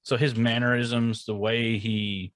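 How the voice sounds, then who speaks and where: A man's voice: mid-range voice, level tone, slow, fairly bright tone, no room sound. A man co-hosting a podcast, chatting casually and musing aloud as he searches for names. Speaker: podcast co-host.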